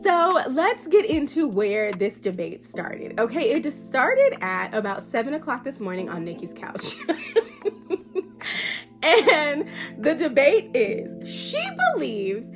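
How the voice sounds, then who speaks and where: Faint music plays behind a woman whose high, sing-song voice moves at a measured pace. Stuffed up and nasal from allergies, the book vlogger chats casually to camera, playfully showing off her book collection and swearing here and there.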